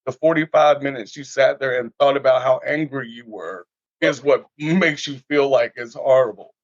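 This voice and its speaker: A man talks through a casual podcast conversation as an animated storyteller, acting out everyday moments as he goes. His voice sits at an ordinary middle pitch. The sound is dry and a bit dull and lo-fi. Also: moderate pace, dry recording.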